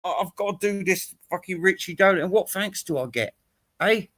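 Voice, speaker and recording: A man's voice: sits high, moderate pace, bright, forceful tone. A man giving a rambling, teasing, crude rant aimed at other online commentators. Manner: teasing, crude, laughs at own jokes. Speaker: YouTube commentator. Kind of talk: rambling mock-serious rant.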